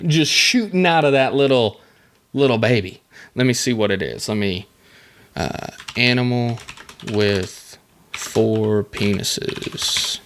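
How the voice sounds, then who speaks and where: A man's voice: mid-range voice, takes it slowly, a bit bright. A man hosting a casual solo podcast, rambling through the topic with jokey asides and self-mocking comments. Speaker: podcast host.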